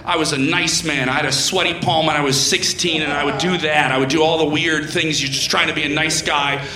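Man, stand-up comedian, high voice, shouting punchlines, echoey club, loud crowd. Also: steady tone, fairly quick. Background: roaring audience laughter.

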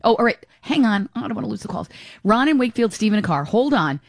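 A woman hosting a talk radio show, commenting in an animated, exclaiming way and taking calls. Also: a little high, fast talker, dry recording, clean studio sound. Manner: animated, exclaiming, laughing between remarks.

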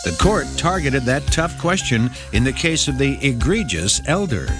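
A man's voice: mid-range voice, normal speed, music in the background. A man hosting a short legal radio segment, reading a scripted case story with dramatic flair. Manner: dramatic, lively storytelling read.

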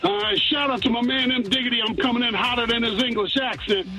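A man's voice: extremely high pitch, fast, creaky, over loud music, rough recording. A man from Western Pennsylvania calling in with a brash, rhyming hot take over the phone. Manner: brash, rhyming trash talk. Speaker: caller.

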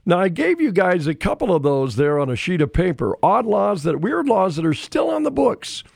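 Lively, gravelly radio co-host. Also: male voice, sits high, moderate pace, dry recording, studio quality. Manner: jokey, animated, trailing restarts. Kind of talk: casual morning radio banter.

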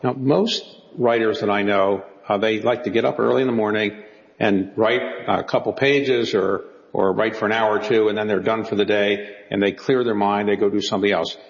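A man's voice: fairly low pitch, fairly even intonation, moderate pace, creaky. A man hosting an interview, asking long, leading questions. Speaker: interviewer host. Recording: echoey room, dull long reverb.

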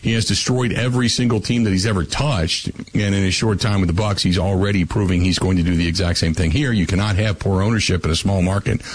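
Blunt, wry radio host. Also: male voice, deep voice, steady tone, fast talker, few pauses, noisy background. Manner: blunt, wry, reads listener messages aloud. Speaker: radio talk show host. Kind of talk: casual call-in radio talk.

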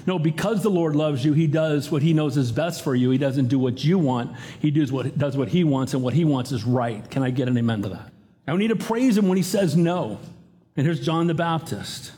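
A man's voice: a little high, brisk, mellow. A pastor in his fifties or older preaching a sermon, earnest and emphatic, rising to urgent appeals.

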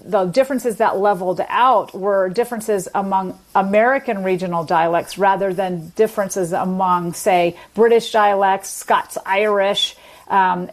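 Woman linguist guest explaining stuff, fluent and kinda lecture-y, middle pitch. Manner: fluent, lecturing with technical terms. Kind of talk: explanatory interview talk.

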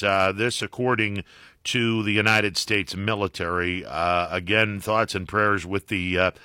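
Bright-voiced male talk radio host. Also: fairly low pitch, no room sound, studio quality. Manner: conversational, many fillers and restarts.

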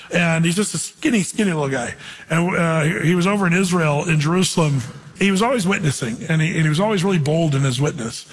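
A man's voice: a little high, breathy edge, long reverb tail. A man preaching a sermon in a conversational, storytelling way, reading scripture aloud. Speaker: pastor.

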